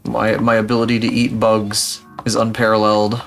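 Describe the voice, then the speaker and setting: A man's voice: on the low side, completely flat delivery, moderate pace, creaky, faint music behind. A young man live-streaming, chatting casually in a rambling, profane, self-mocking way.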